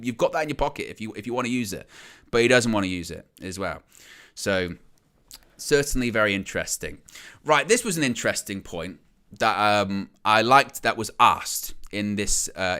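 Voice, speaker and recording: A man hosting a live fan stream, ranting with animated disbelief and firing off rhetorical questions. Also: medium pitch. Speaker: host of a fan channel. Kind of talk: live-stream opinion commentary.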